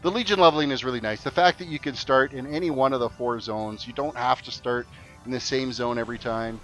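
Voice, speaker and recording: Male streamer, casual, jokey, mid-pitched, soft game music under. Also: a little fast. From Canada, Alberta. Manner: joking, chatty, reads viewer chat aloud. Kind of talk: casual gameplay chat. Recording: faint game music behind.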